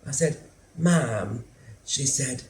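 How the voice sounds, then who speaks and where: An actor playing a lonely, anxious middle-aged son who lives with his mother, telling his story slowly and drily in a theatre monologue. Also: mid-range voice, lively intonation, a little mellow. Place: theatre stage. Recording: roomy theatre sound, faint hum.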